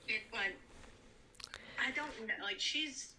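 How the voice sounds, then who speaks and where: A middle-aged woman guest on a casual live chat, halting and trailing off mid-thought. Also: fairly high pitch. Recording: distant mic with crowd noise.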